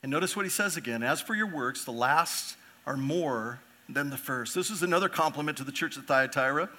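A middle-aged man preaching a sermon as pastor, earnest and swelling louder on key points. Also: fairly high pitch, animated, brisk.

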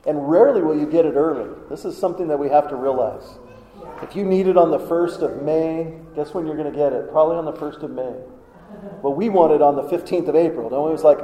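A man's voice: fairly high pitch, a little fast. Man preaching conversationally in an echoey hall. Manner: conversational, asks the congregation questions. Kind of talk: sermon. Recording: echoey hall, dull sound.

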